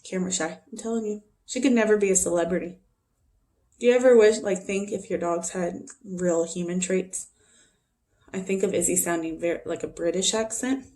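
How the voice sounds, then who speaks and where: A woman's voice: fairly low pitch, fairly even intonation, normal speed, dark tone. A woman teacher chatting casually to her students in a video made at home, often turning aside to talk to her dogs. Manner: chatty, talks to her dogs between remarks.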